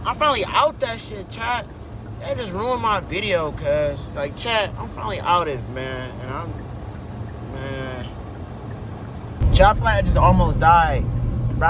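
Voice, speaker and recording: Brief: young male vlogger, slightly high voice, cussing and hyped, phone mic with loud storm and car noise. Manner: profane, excitable, talks straight to his chat. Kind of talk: casual vlog talk to viewers. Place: outdoors and in a car during a snowstorm. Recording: noisy storm and car sound.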